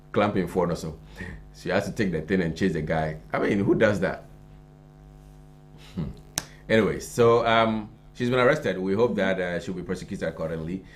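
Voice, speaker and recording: A man with a Ghanaian accent, co-hosting a live morning show, reading and chatting over the news in a relaxed way with fillers. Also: deep voice, slight background noise. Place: TV studio.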